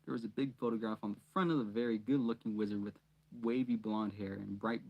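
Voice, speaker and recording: Young guy reading a storybook out loud, laid back, jokes around with viewers between pages. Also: fairly low pitch, fairly even intonation, quick pace, lo-fi sound. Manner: chatty, jokey asides to viewers. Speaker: reader and channel host. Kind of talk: casual storybook read-aloud.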